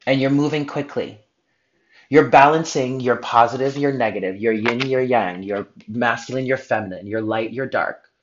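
A man talks through a spiritual tarot reading in an earnest, heartfelt way, and now and then he turns blunt. His voice sits at a middle pitch. The recording sounds a little dull and lo-fi. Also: moderate pace. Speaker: tarot reader.

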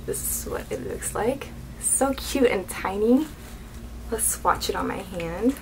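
A woman's voice: mid-range voice, slow pace, a little hiss or hum, poor audio. Gushing young woman unboxing beauty goodies. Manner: gushing, excitable, keeps saying oh my god. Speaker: beauty vlogger. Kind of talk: unboxing vlog.

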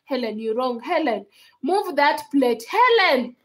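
A woman's voice: sits high, lively intonation, unhurried, low-quality recording. A young Kenyan woman chatting casually to viewers on a live stream, laughing often and slipping between English and Swahili. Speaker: livestreamer.

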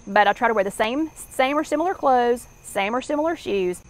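A woman's voice: on the high side, animated, normal speed, rough recording. A middle-aged woman with a Southern US accent, hosting a live online workshop chat in a rambling, chatty way with many fillers. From American South.

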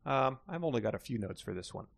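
A man's voice: mid-range voice, lively intonation, fast talker, creaky, dry recording. Wry man with a dry close-mic sound. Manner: wry, rambling asides. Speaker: podcast co-host. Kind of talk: casual book-review chat.

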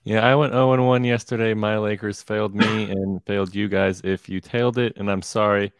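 Man, deep and smooth, relaxed chatty betting analyst. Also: a little fast, no echo, clean studio sound, soft background music. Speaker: sports betting show regular. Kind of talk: casual sports betting analysis.

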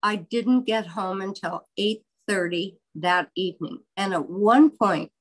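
An older woman, a biographer, telling a long story in an interview in a candid, wry and animated way. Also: medium pitch, measured pace, rough recording.

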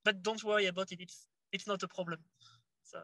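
A man's voice: high-pitched, level tone, brisk, pushed and bright, no echo, poor audio. A man with a French accent speaking as a webinar panelist, reassuring and given to small repeats. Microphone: video call.

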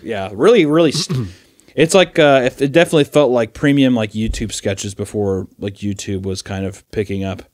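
A man co-hosting a casual podcast chat, laid-back and rambling, now and then breaking into loud laughing impressions. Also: on the low side, moderate pace, no room sound, studio quality. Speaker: podcast co-host.

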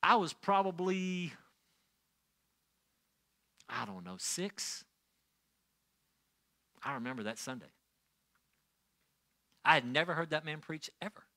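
A middle-aged pastor delivers a sermon full of stories, shifting between quiet asides and loud, excited outbursts. His voice sits fairly high, and he speaks slowly with frequent pauses.

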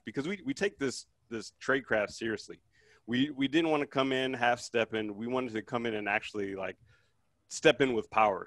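A man on a panel, speaking about his podcast in a confident, deliberate way. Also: medium pitch, no echo. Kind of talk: panel discussion.

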